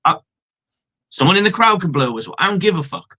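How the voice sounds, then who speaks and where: A man's voice: high-pitched, animated, fast, pushed and bright, rough recording. A man co-hosting a live sports reaction stream, heated and profane, acting out exchanges between referees. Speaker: co-host. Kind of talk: casual sports reaction chat.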